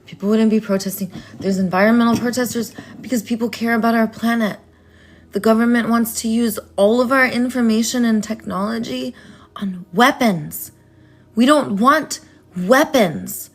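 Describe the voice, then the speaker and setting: A woman's voice: fairly high pitch, fairly even intonation, moderate pace. Rambling, playful woman vlogger. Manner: rambling and playful, drops into whispers. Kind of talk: casual rant to camera.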